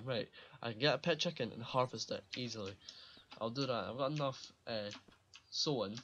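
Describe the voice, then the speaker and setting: A man's voice: medium pitch, normal speed, fairly bright tone, slight background noise. Man, casual gameplay commentary, rambling, profane, slightly muffled home recording, faint clicking behind. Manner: rambling, swears a lot, laughs at himself. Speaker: gaming channel host.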